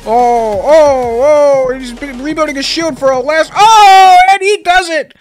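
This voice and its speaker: A man putting on the voice of an excited sports announcer, loud and hyped, calling the action to ladies and gentlemen. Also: very high-pitched, measured pace, soft background music, pitched above the performer's own voice.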